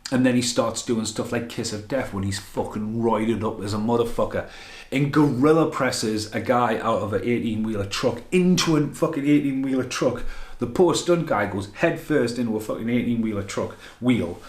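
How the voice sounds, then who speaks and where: A man giving an unscripted, rambling film review, excitable and full of swearing. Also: mid-range voice, normal speed. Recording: echoey room.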